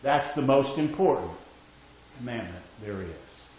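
A man's voice: medium pitch, animated, a little slow, a little mellow, very echoey, poor audio. A man preaching a sermon, emphatic, checking in with his listeners with "okay?" as he goes. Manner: emphatic, rising and falling, frequent "okay?" check-ins.

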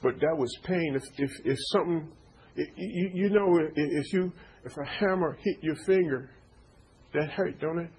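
A man preaches in a loose, conversational way. He stumbles over repeated words and keeps checking in with his listeners. His voice sits a little high, with a faint background hiss. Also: moderate pace, darkish tone, poor audio. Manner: stammering repetitions, call-and-response asides. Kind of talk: informal sermon.

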